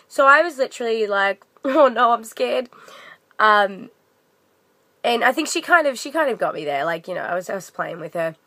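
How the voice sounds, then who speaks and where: A woman's voice: medium pitch, pushed and bright, dry recording. A young woman vlogger telling a story in a casual, rambling rant full of fillers and restarts.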